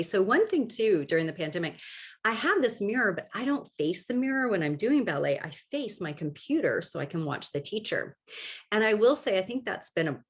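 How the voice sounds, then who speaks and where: A woman hosting her own podcast in a relaxed solo chat, her voice on the low side but swinging widely in pitch. She talks chattily and warmly encouraging, full of little asides, and pokes gentle fun at herself. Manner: chatty, self-deprecating, lots of "like" and "you know". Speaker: podcast host. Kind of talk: casual solo podcast talk.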